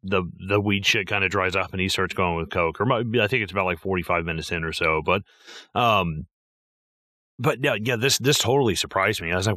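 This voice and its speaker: A man co-hosting a casual movie podcast, swearing freely and acting out quotes in an animated way. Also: fairly low pitch, a little fast, no room sound, studio quality. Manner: animated, profane, acts out quotes. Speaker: podcast co-host.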